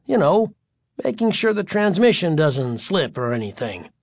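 A man's voice: fairly high pitch, sing-song, normal speed, no echo, studio quality, voice pushed up. A man voicing an eager middle-aged father showing off a new car, boastful and defensive.

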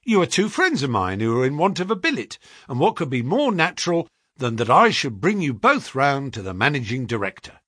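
An eager young clerk, bright-spirited and quick, his voice climbing when excited. A man puts him on as he reads the tale. A slightly husky tone in a dry, close recording. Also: mid-range voice, dry recording, heavily acted.

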